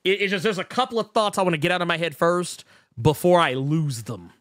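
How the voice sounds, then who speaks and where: A man co-hosting a casual podcast chat, talking in quick bursts with many stammered restarts and reading out viewer comments. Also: high voice, fairly bright tone, no room sound, clean studio sound. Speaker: podcast co-host.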